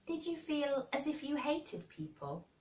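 A woman's voice: big pitch swings, unhurried, a little mellow. A woman voicing a frail, breathless boy. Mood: wistful. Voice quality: high, breathless, gasping. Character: frail excitable sickly boy, eager, easily overwrought. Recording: roomy and distant.

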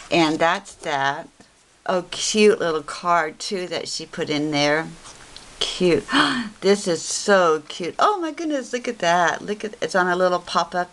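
A woman with a lowish voice talks slowly and unhurriedly through a casual craft unboxing. She gushes over each piece and keeps saying how cute it is. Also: fairly bright tone. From Texas. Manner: gushing, repeats "cute" often. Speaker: craft vlogger. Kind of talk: casual unboxing show-and-tell.

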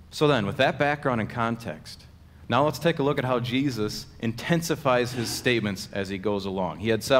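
A man preaching a sermon as pastor, earnestly slowing down to stress quoted scripture. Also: mid-range voice. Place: church sanctuary. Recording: long church reverb.

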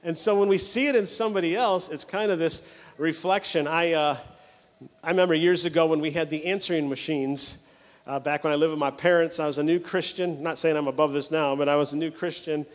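A male pastor preaching a sermon, telling stories with quick mimicry of the people in them. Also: a little high, fairly even intonation, big-room sound.

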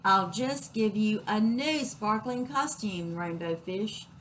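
A woman's voice: mid-range voice, slow, a little hiss or hum, close to an everyday voice, rough recording. A woman doing a kindly octopus. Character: kind, cheerful female Dumbo octopus.

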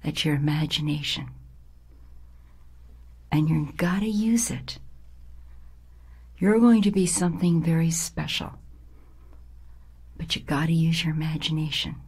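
A woman quoting her mother, who gently urges her daughter to use her imagination. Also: deep voice, measured pace, long pauses, husky, exaggerated voice. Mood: encouraging.

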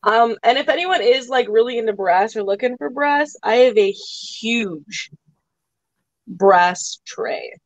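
A high-voiced woman hosting a live online sale, talking slowly in casual chat and breaking into giggles often. Her voice is close and dry, on dull lo-fi stream audio. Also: expressive, no room sound.

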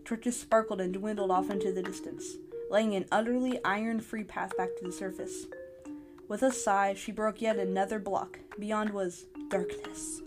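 A podcast host reading a short adventure story aloud in an eager storytelling manner. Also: female voice, medium pitch, steady tone, moderate pace, over music. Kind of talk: storybook narration.

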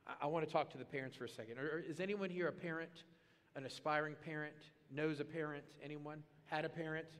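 Animated pastor preaching in a big hall. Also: male voice, fairly high pitch, quick pace. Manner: animated, comic storytelling with bursts of loud excitement. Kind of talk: sermon. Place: church auditorium. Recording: long reverb of a large hall.

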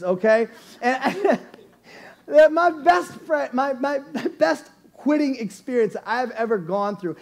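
A man preaching a storytelling sermon to a church congregation, animated and playful, often laughing as he goes. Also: very high-pitched. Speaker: lead pastor. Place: church service before a congregation.

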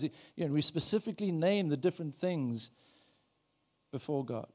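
Pastor preaching in a chatty way. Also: male voice, on the high side, animated, moderate pace. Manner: conversational, with acted prayers and repeated restarts. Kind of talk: sermon. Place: church.

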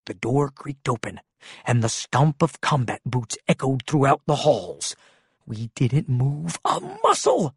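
A reader telling a picture book story aloud in an expressive, animated way. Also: medium pitch, moderate pace, breathy edge, no echo, studio quality.

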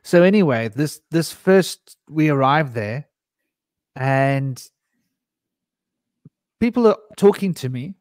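A man's voice: a little high, animated, slow, pauses often, darkish tone, no room sound. Male host, meandering anecdotal storyteller, dry close sound. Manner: rambling anecdotal storyteller, restarts and asides. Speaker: podcast host. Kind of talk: candid storytelling conversation.

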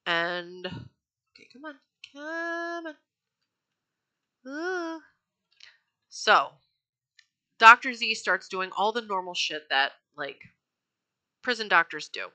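Very bright-voiced woman telling a true-crime story. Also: mid-range voice, animated, slow, pauses often. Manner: chatty and profane, with frequent fillers and self-corrections. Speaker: true-crime podcast host.

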